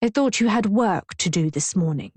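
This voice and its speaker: A sharp, icy middle-aged wife with no patience for nonsense, as a woman narrator puts her on. Every line lands clipped and cold. Dry, close audiobook sound. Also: medium pitch, lively intonation, normal speed, husky, dry recording. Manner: icy, snappish.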